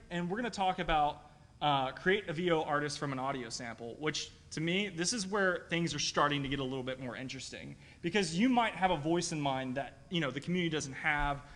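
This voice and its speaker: A man presenting a live software demo to a room of video editors, talking quickly and casually and checking in with the audience. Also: a little high. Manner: quick and chatty, keeps asking "right?". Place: meeting room at a live user-group meet.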